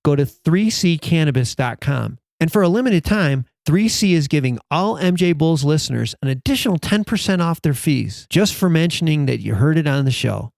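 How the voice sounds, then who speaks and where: A man's voice: a little high, lively intonation, normal speed, vocal fry, hardly any pauses, a little mellow, dry recording. A man hosting an interview podcast, reading sponsor copy and introducing his guest in an upbeat way. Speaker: podcast host.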